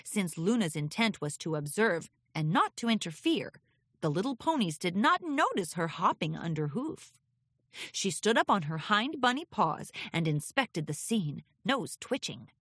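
Woman, storybook narration, expressive, lively pitch, dry studio. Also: unhurried, breathy edge, dry recording. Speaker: audiobook reader.

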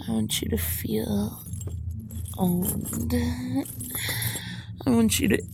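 A woman performing a whispered role-play as a dominant giantess, teasing and commanding, with a breathy whisper and low laughs. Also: sing-song, very slow, music in the background.

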